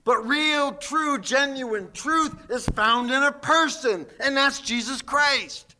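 A man delivers a sermon in a high, piercing voice with a very bright, forceful edge. He is emphatic and keeps pressing his listeners with rhetorical questions. He takes his time, letting each phrase land slowly. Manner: slips into mocking quoted voices. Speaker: preacher.

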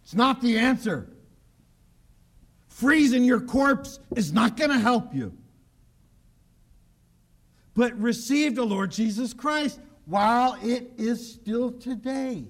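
A man preaching a sermon in a high voice. He talks emphatically and keeps repeating himself, and now and then he drops low and quiet for an aside. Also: animated, takes it slowly, long pauses. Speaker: pastor. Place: church broadcast on radio and online.

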